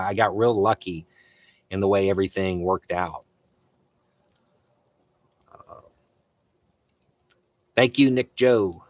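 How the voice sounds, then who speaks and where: His fairly low voice has a bit of brightness, captured in a dry recording. The man, a Southern-accented Floridian, fields viewer messages during a casual live Q&A, chuckling a lot and often stopping to start over.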